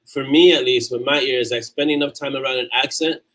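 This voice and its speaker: A man from New York hosts a relaxed livestream and chats with his audience. His voice sits at an ordinary middle pitch. He talks in a loose, rambling way and breaks off to restart his sentences. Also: fairly quick, rough recording. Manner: chatty and loose, frequent restarts. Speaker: author hosting a livestream. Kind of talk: casual livestream chat reading viewer comments.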